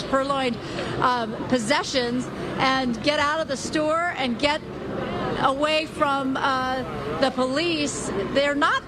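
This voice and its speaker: A woman field reporter speaking live from a city street, hesitant and searching for words. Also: sits high. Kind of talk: live on-scene news report. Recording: loud crowd and street noise. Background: crowd and traffic.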